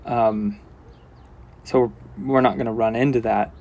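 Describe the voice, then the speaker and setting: A man in the middle of his natural pitch range talks a viewer through what he is doing, step by step. His manner is calm and relaxed, explaining as he goes and dropping in casual asides. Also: measured pace. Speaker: horse trainer. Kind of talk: instructional commentary while working.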